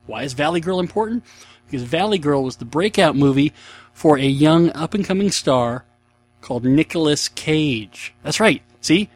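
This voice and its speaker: A man's voice: fairly high pitch, expressive, normal speed, dry recording. A man in his thirties hosting a casual solo podcast, chatty, rambling and self-mocking. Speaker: podcast host.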